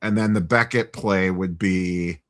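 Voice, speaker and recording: A man's voice: low voice, fairly even intonation, unhurried. A man on a casual livestream panel, laying out market reasoning in an analytical way. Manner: analytical, lays out market numbers.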